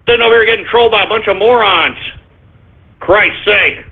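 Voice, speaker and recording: A man's voice: high-pitched, fairly quick, creaky, slightly rough. A man hosting a live internet radio show, ranting and exasperated, cursing and stammering through restarts as he addresses his listeners as folks. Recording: tinny phone-like internet radio stream.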